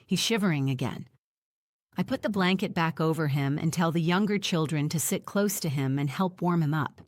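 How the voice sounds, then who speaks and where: A woman narrating an audiobook in the first person, reading in an even, measured way. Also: low-pitched, no room sound, clean studio sound.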